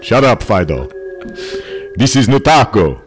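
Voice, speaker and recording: A hammy vampire count, as a man puts him on, booming out a playful welcome to his castle. The voice stays deep under the theatrics. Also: big pitch swings, measured pace, soft background music. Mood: campy.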